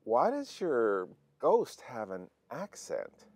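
A man's voice: medium pitch, wildly swooping pitch, slow, no room sound. A man hosting a late-night movie show in a comedy sketch, sick with a cold and coughing. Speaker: horror movie host.

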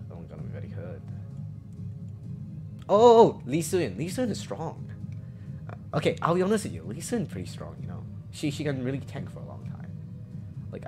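Male streamer, mid pitch, very animated delivery, loud swearing bursts between low mutters, music underneath. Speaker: game streamer. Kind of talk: live gameplay commentary. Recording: music playing behind the voice.

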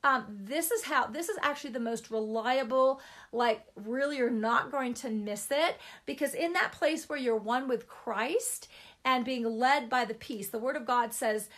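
A woman's voice: on the high side, a little slow, fairly bright tone. A middle-aged woman giving an informal Christian teaching talk, chatty and emphatic, repeating words for stress.

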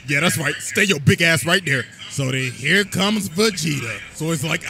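A man narrates a comedic anime recap with crude slang and a playful, animated voice that swings widely in pitch. His voice sits a little high, and clear music plays behind him. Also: normal speed, few pauses.

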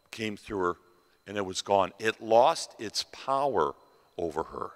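A man telling a dramatic story as a festival sermon, pausing and repeating phrases for effect. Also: on the low side, animated. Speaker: festival speaker. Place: large hall at a festival. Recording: reverberant hall.

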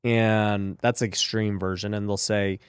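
A man's voice: lowish voice, flat delivery, measured pace, smooth, dry recording, clean studio sound. A man hosting a podcast, talking casually and emphatically about faith and business, peppered with "you know" and "right?". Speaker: podcast host.

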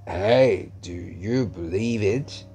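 Old street beggar, gruff, terse, slow dark drawl, voiced by a man, storybook reading. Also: on the low side, slight background noise. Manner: slow, grudging, clipped.

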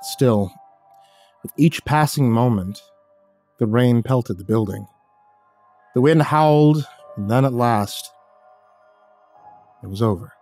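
Guy reading a creepy story, steady and low-key, quiet music underneath. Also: slow, pauses often. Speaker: horror story narrator. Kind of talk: scripted horror narration. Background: faint music.

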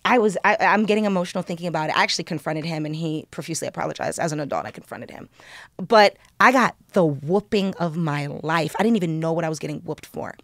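A young woman telling a story in casual podcast chat, animated and excitable, swearing freely. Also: low-pitched, quick pace, no room sound, clean studio sound. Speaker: podcast co-host.

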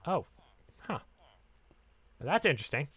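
A man giving excitable, giggly Let's Play commentary while he plays. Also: on the high side, unhurried, breathy edge, no room sound. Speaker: gaming channel host.

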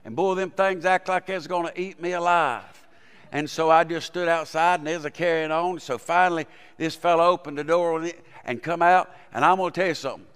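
Male pastor, folksy sermon delivery with fervent peaks, higher voice, reverberant church. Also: fairly quick, a bit bright, clear, resonant tone. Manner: folksy storytelling, rising to fervent preaching. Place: church sanctuary.

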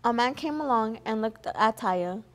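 A woman's voice: on the high side, lively intonation, unhurried. Young woman reading a picture book aloud. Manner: earnest, with small slips and restarts. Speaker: volunteer story reader.

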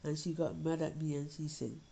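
A woman's voice: deep voice, little pitch movement, brisk, creaky, dark tone, low-quality recording. A woman reading a story as an anxious young Jamaican girl, confiding and pleading with her mother. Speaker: reader of a short story.

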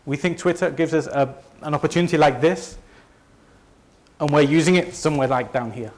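This company presenter is a Leeds man with a Northern English accent from the north of England. His voice is a little high and brisk, and he addresses a live audience in a conversational, self-deprecating style.

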